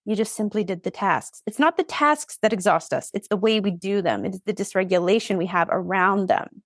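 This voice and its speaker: Energetic woman therapist, dry sound. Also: medium pitch, no echo. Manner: energetic, emphatic, quick bursts with pauses. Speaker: ADHD therapist and coach, guest. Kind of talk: podcast interview.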